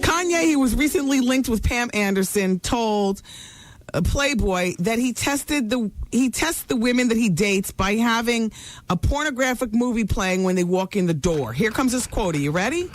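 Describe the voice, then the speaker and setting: A woman's voice: fairly high pitch, expressive, moderate pace, no echo. A woman hosting a talk radio show, dishing celebrity gossip in a brassy, teasing manner.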